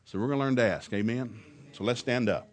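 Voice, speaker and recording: A man preaching a sermon to a congregation in a folksy, emphatic way, rising to loud, fervent peaks as he quotes scripture and chuckling between lines. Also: mid-range voice, fast. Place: church service before a congregation.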